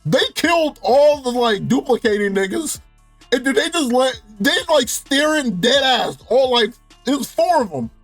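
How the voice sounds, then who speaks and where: A young man with a high, bright speaking voice, rattling off a casual, profane TV recap. He laughs often and gets worked up as he talks. The sound is dry and close, with faint music underneath. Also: lively intonation, normal speed, no room sound. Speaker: TV show reviewer. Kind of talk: casual review rant.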